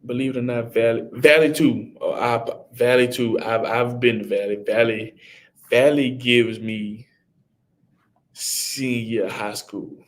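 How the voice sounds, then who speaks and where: A man's voice: mid-range voice, slight background noise. A young man, casually chatting on his livestream and answering viewers by name. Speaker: livestream host, college football player. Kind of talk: casual livestream chat reading viewer comments.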